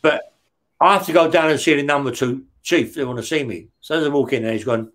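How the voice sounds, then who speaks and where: A middle-aged man who was once a career criminal recounts stories as an interview guest, his voice on the high side, slightly bright, and fairly quick. He swears constantly, laughs along, and checks in with "yeah?".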